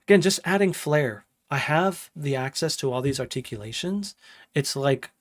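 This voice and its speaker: A man's voice: on the high side, expressive, moderate pace. A man explaining his music session in a casual live-stream walkthrough, greeting chat and humming parts aloud in a home studio. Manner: talks while working, hums riffs aloud, greets chat.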